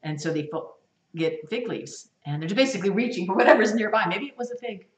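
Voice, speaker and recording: A woman teaching a Bible study, reading verses aloud and acting out lines with lively, expressive delivery. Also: medium pitch, fast. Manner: animated, acts out voices while reading scripture. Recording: echoey room, voice from a distance.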